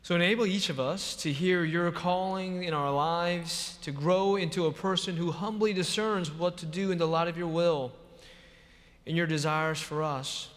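A man leading a congregation in spoken prayer, measured and solemn. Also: a little high, steady tone, fairly bright tone. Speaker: worship leader. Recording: reverberant church hall.

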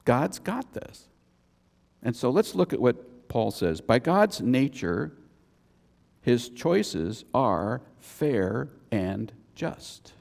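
A man's voice: mid-range voice, very animated, extremely slow, creaky, darkish tone. A man preaching a sermon as a pastor, conversational, with chatty asides between points. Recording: long reverb of a church hall.

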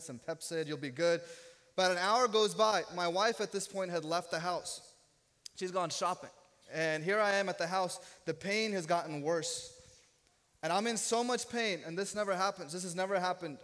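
A man's voice: high-pitched, a bit bright. A man in his thirties preaching a sermon as a pastor, telling a personal story with humor and self-deprecating jokes. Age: 30s. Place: church sanctuary. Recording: long reverb of a church hall.

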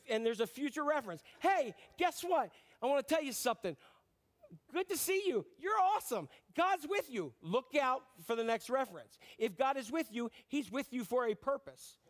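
A middle-aged man delivers a sermon with a strikingly high voice. He tells the story in a lively, joking way and acts out the people in it. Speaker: pastor.

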